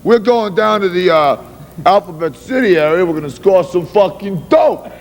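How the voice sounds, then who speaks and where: A man's voice: high-pitched, expressive, normal speed, long reverb tail. Brash, profane man in a rock club. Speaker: metal band member in stage persona. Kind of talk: crude shock-humor banter.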